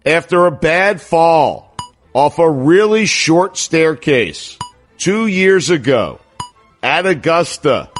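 A man co-hosting a sports radio show from home, reading out wry, deadpan jokes. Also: fairly high pitch, slow, soft background music. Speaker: radio co-host. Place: home, video call.

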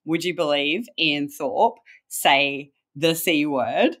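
A woman's voice: low voice, takes it slowly, fairly bright tone. A woman in her late thirties co-hosting a casual podcast chat, talking readily and laughing often. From Australia. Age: late 30s. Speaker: podcast co-host.

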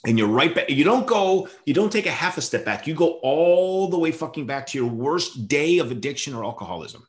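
A man's voice: on the high side, expressive, fairly quick. Blunt, swearing man in conversation. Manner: blunt, profane, stammers on restarts. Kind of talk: casual conversation.

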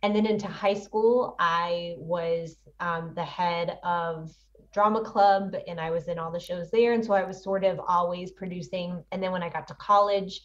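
A woman's voice: on the low side, recorded from a distance, lo-fi sound. A woman in her thirties, an actress and producer, chatting animatedly as an interview guest and laughing often. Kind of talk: casual interview chat.

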